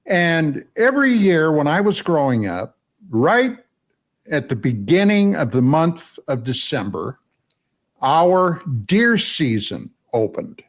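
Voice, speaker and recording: An older man from Pennsylvania telling a personal story on a radio show, animated and often asking "okay?". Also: fairly high pitch, slow. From Pennsylvania, USA.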